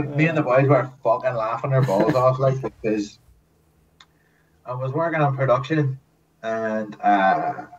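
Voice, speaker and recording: A man telling lively, profane stories as a podcast guest, acting out the people in them. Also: mid-range voice, recorded from a distance, dull audio, slight background noise. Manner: animated, swears often, acts out quotes. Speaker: guest, former TV extra. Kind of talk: casual storytelling.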